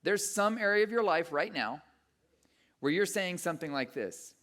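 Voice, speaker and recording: Animated man preaching a sermon. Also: high voice, moderate pace. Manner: animated storytelling, acting out his own inner voice. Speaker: pastor.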